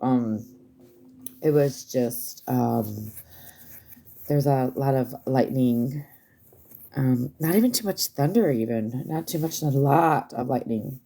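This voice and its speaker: Woman, very low voice, gravelly fry, casual livestream chat, rambling, swears. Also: slow pace, long pauses, mellow. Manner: rambling, swears freely, many fillers.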